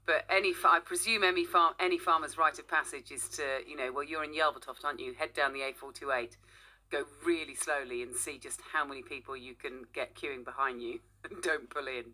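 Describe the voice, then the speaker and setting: A woman's voice: sits low, steady tone, a little fast, sharp tone. A woman presenting a casual morning radio show, chatty and teasing, laughing often.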